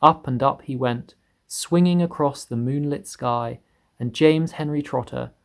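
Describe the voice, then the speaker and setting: Gravelly man reading a children's story. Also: measured pace. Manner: steady storytelling, voicing characters in higher pitch. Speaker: reader. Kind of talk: reading a children's book aloud.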